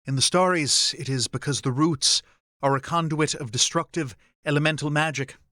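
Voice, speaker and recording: A man voicing a calm, formal male Fae who sounds detached and distant. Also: a little high, no room sound, clean studio sound. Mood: remote. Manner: measured, formal delivery.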